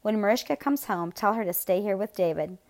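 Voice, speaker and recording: A woman's voice: medium pitch, animated, a little fast, darkish tone, natural voice. A woman reading a blunt tired aunt.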